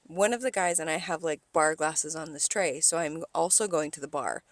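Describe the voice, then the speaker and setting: A young woman co-hosting a podcast, telling a story in an animated way, acting out quotes and swearing. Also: deep voice, moderate pace, no room sound. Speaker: podcast co-host. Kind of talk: casual chat.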